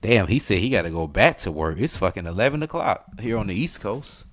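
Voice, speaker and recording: A man's voice: on the low side, big pitch swings, a little fast. A man in his thirties with a thick Southern US accent, rambling casually to his live-stream chat, full of slang and fillers.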